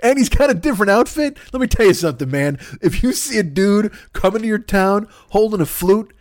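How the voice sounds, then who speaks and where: A man's voice: high-pitched, lively intonation, brisk, no room sound, studio quality. A man on a comedy podcast, riffing in a rambling, profane monologue, laughing at his own jokes and acting out voices.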